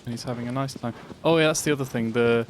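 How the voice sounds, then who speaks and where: A man's voice: mid-range voice, fairly even intonation, fast, a little hiss or hum. A man streaming a video game, giving chatty, rambling live commentary as he plays. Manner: chatty, rambling, easily sidetracked. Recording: loud game music behind.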